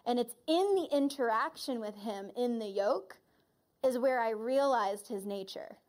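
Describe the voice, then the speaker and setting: A woman's voice: on the high side, a little slow, darkish tone. A woman church leader preaching a sermon, earnestly retelling a vision and reflecting on it.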